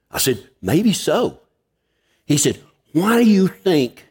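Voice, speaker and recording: A man's voice: on the high side, sing-song, takes it slowly, long pauses, darkish tone, breathy edge. A man preaching a sermon, telling a folksy story and acting out the dialogue. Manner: folksy, drawling anecdotes with acted-out dialogue. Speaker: pastor.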